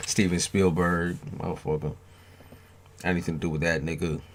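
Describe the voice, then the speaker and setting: A man's voice: deep voice, little pitch movement, normal speed, a little hiss or hum. A man hosting a late-night tarot live stream, chatting loosely with viewers by name, swearing freely and joking, sounding tired.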